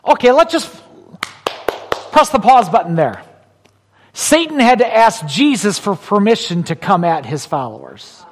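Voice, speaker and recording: A pastor with a high, unhurried voice preaches, repeating his points for weight. He leans between booming emphasis and quiet intimacy. A long reverb from the church hall trails every phrase. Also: big pitch swings, slight background noise. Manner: emphatic, swings from loud pronouncements to hushed, intimate asides. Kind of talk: sermon.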